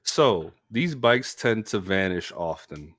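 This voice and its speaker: In a relaxed storytelling chat, a young podcast co-host recounts something at a slow pace. He's animated throughout, putting on a high voice whenever he acts out quotes.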